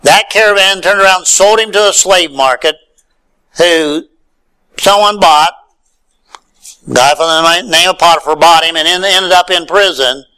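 A man's voice: high voice, measured pace, long pauses, pushed and bright, smooth, poor audio. A man preaching a sermon, reading scripture aloud and then retelling it in his own words with rising emphasis and rhetorical questions.

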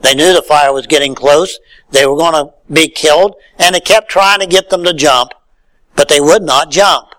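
A male pastor preaching a sermon in a folksy way, swinging from loud calls to near-whispered lines. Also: on the high side, moderate pace, low-quality recording.

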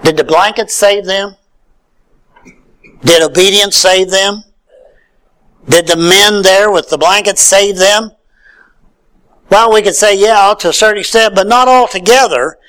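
A male pastor preaching a sermon in a folksy way, swinging from loud calls to near-whispered lines. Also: high-pitched, measured pace, long pauses, poor audio.

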